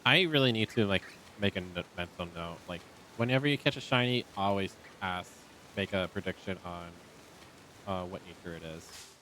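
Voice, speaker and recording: A man's voice: low-pitched, normal speed, sharp tone, a little hiss or hum. A man streaming a video game, chatting casually and rambling with many ums into a desk microphone. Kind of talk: casual live-stream chat. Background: faint game music.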